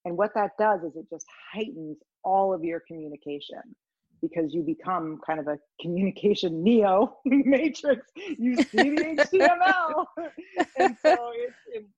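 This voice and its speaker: Low-voiced woman rambling animatedly through a story, dull lo-fi sound, dry and close. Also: a little mellow, no echo. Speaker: interview guest. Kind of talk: conversational storytelling.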